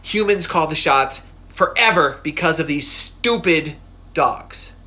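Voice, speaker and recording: A man's voice: on the high side, lively intonation, takes it slowly, exaggerated voice. A man playing a furious thundering sky god. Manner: loud proclamation. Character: angry male king of the gods, thundering.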